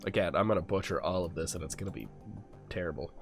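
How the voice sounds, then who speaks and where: A man with a lowish voice reads a game's dialogue aloud, stopping to fix his slips and toss in wry remarks. Faint music runs under his voice. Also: fast. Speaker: let's play gamer. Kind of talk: reading game text aloud with asides.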